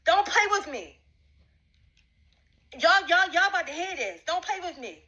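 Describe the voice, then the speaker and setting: A woman's voice: very high voice, big pitch swings, a little slow, sharp tone, dull audio. A woman ranting straight to camera, repeating accusations at one man. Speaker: vlogger addressing a rival. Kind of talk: confrontational direct-to-camera rant.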